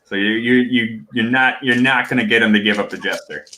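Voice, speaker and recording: A man narrating a tabletop game as game master, in a halting, casual way, with lots of restarts. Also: medium pitch, bright, forceful tone, reverberant. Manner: halting, full of fillers and restarts.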